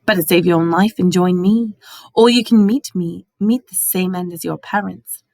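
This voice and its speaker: Woman doing a snarly cruel dark wizard guy, hissy and mean, dry audiobook sound. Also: lowish voice, moderate pace, creaky, dry recording. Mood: menacing. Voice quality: snarling, menacing. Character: cold cruel hissing male dark wizard.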